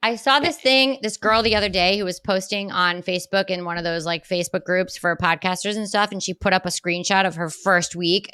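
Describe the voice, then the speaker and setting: A woman co-hosting a podcast, chatting casually as an animated storyteller who swears freely and laughs often. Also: fairly low pitch, a little fast, few pauses, clean tone, no room sound, studio quality. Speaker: podcast co-host; mother of a young daughter. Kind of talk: casual chat.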